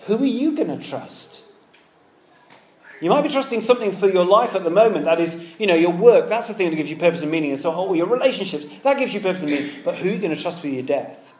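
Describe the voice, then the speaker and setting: High-voiced preacher in an echoey room. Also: male voice, quick pace. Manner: lively, conversational with pop-culture asides. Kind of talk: sermon.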